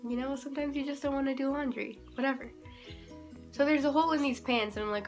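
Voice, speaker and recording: Young female vlogger, higher pitch, animated and self-mocking storyteller. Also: a little fast, soft background music. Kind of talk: casual storytime.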